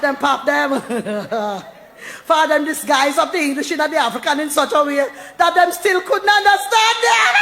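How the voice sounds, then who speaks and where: A woman's voice: high-pitched, fairly bright tone. A woman with a Jamaican accent talking and reciting verse, playful and laughing often, slipping into Jamaican Patois. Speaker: poet and storyteller. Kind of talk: lively spoken talk with recited verse.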